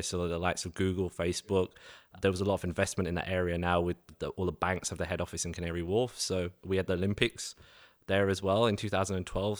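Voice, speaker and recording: Low, even-toned London man. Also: no room sound, clean studio sound. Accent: London English. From East London, England. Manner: measured, explanatory, filler "like"s. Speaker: podcast guest. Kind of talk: casual interview answers.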